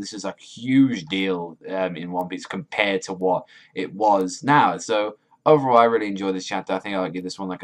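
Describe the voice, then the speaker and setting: A man talks through a comic chapter in a loose, rambling way. He fills every gap with "like" and swears when he gets worked up. His voice sits a little low. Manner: rambling, heavy use of "like"; profane, excitable. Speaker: manga reviewer. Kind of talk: casual chapter review.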